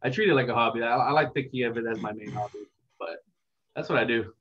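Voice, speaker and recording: A young man giving a casual interview as a content creator, talking in a relaxed, rambling, reflective way. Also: mid-range voice, quick pace, noisy background. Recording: dull lo-fi sound.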